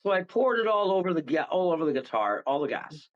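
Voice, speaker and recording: A man telling a story as a guest medium on a radio talk show, animated and rambling, acting out the voices of the people in it. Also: a little high, fast, lo-fi sound. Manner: animated, rambling, acts out voices, chuckles often.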